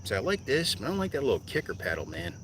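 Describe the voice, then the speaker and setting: A man's voice: medium pitch, wildly swooping pitch, rapid-fire, far from the mic. A man from New Jersey chatting casually with viewers during a live fishing stream from a kayak, rambling between tasks. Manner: laid-back, rambling, talks to viewers while fishing. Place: kayak on a lake outdoors. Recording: outdoor noise, insects.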